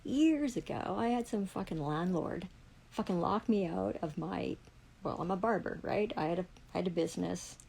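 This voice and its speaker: A woman's voice: fairly low pitch, vocal fry, warm tone, breathy edge, low-quality recording. A woman in a furious, heavily profane livestream rant. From Canada.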